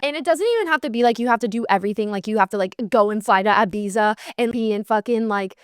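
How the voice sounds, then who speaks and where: A woman's voice: a little high, fast, clear, resonant tone, no echo, studio quality. A young woman hosting a podcast, giving candid breakup advice in a blunt, sassy and heavily profane way. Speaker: podcast host.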